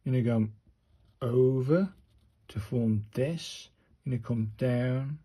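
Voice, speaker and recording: Chatty husky man, slow and mellow. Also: mid-range voice. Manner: chatty, muttering to himself as he writes, addresses viewers as "people". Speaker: handwriting practice vlogger. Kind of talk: casual talk-through while writing.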